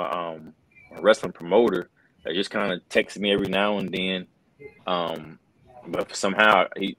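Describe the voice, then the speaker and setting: In poor audio, a middle-aged man who commentates on wrestling speaks low and a bit bright. He's sharing a story in a casual interview, earnest but loose, sprinkling in "bro" and "man" a lot.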